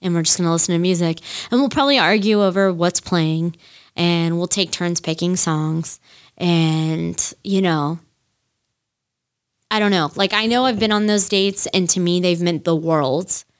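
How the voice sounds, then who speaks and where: Speaking at a measured pace in a voice on the low side, this woman in her thirties hosts a casual solo podcast about music. She rambles, leans on fillers, and swears now and then while gushing.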